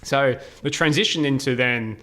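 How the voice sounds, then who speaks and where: Man, podcast guest, casual storytelling, mid pitch, laughs a lot. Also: moderate pace. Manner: animated, laughing, many fillers.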